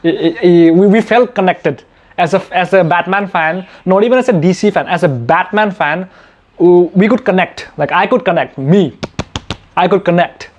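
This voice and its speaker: A man's voice: sits high, normal speed, dull audio. A young man from India hosting a casual Q&A for his channel, chatty and self-mocking, laughing often. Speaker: YouTube channel host. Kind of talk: casual Q&A chat.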